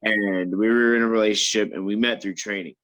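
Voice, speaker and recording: A man telling a story in casual chat, animated and stammering, acting out the other people's lines. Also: fairly low pitch, brisk, no echo, faint music behind, poor audio. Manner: animated, acts out quoted voices, stammers and restarts. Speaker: MMA fighter guest.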